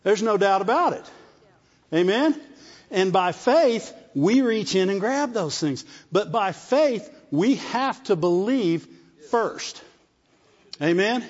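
Slow and animated, this preacher speaks in a fairly high voice, checking in with his audience and repeating phrases as his point builds. The recording is dull and muffled, carrying a long reverb from a big hall.

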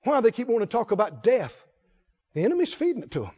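A man's voice: very high-pitched, huge pitch swings, quick pace, dark tone, husky, muffled recording. A man preaching a sermon to a congregation, emphatic and drawing out words for weight, asking the listeners questions. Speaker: pastor. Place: church before a congregation.

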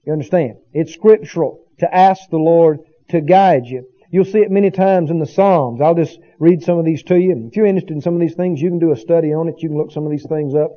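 Brisk, with few pauses and a voice on the high side, a man preaches as pastor over dull audio. His sermon rises into emphatic bursts as he seeks the congregation's agreement in call-and-response asides.

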